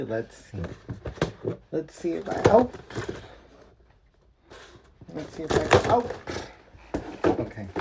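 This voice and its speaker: A young woman in a casual vlog, excitedly gushing over dolls and swearing freely. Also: a bass voice, very noisy. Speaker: doll collector vlogger. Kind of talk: casual unboxing chat.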